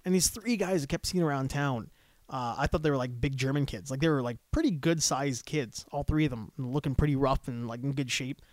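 A man's voice: mid-range voice, brisk, no room sound, studio quality. A Canadian man telling travel stories in a casual chat, laughing and swearing freely.

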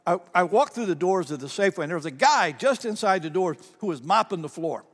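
A man's voice: high-pitched, expressive, quick pace. A male pastor preaching a sermon in a conversational storytelling way, often repeating his words. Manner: conversational, repeats words, laughs at own stories. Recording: long reverb of a large hall.

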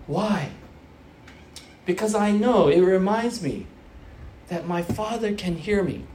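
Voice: mid-range voice, expressive, slow, darkish tone, a little hiss or hum. A preacher of Korean background giving an earnest sermon to young churchgoers, repeating phrases for emphasis and restarting often with fillers.

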